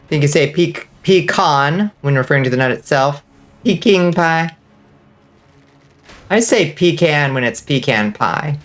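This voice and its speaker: A woman's voice: low voice, expressive, normal speed, pauses often. A woman streaming a game, chatting casually with viewers, swearing freely and laughing often. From US South. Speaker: vtuber streamer. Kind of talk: casual gaming stream chat.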